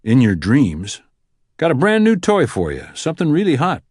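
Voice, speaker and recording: A man voicing a gruff, sarcastic FBI supervisor in an audiobook, brisk and clipped. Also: mid-range voice, huge pitch swings, a little mellow, dry recording, clean studio sound, pitched above the performer's own voice. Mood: sardonic. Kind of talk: audiobook character voice.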